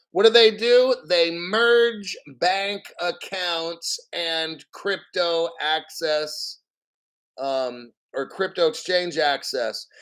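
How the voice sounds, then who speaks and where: A man hosts his own show in an angry, profane rant. He keeps clearing his throat, and his voice sits a bit high for a man. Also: a bit bright. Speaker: host. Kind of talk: ranting casual commentary.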